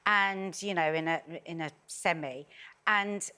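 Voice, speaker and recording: Bright-voiced woman on a panel. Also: on the low side, measured pace, smooth. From South London, England. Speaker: panelist on a daytime talk show. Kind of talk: casual panel chat. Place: television studio.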